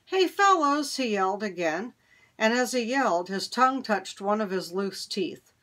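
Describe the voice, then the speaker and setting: A woman reading a children's chapter book aloud at a measured, unhurried pace. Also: medium pitch, a bit bright. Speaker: reader.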